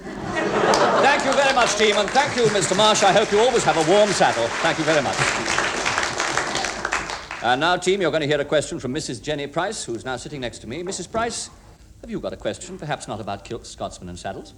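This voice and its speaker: A man hosts a 1960s radio panel game in a polite, announcer-like way. His voice sits fairly high and moves a lot, and the recording is hissy with a live audience audible behind him. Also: expressive, brisk, a loud crowd. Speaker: quiz show chairman. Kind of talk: scripted radio panel hosting.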